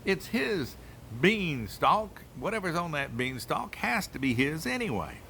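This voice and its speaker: A man's voice: on the high side, sing-song, measured pace, creaky, bright, forceful tone, slight background noise, pitched above the performer's own voice, exaggerated voice. An older man voicing young Jack in a folk tale, cheeky and self-assured. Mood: cocky. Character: cocky young country boy Jack.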